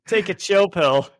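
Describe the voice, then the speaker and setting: Brief: laid-back seventies-type male inventor, pitched up and bright, as a podcaster puts him on, dry close sound. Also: no room sound. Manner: mellow, says man a lot.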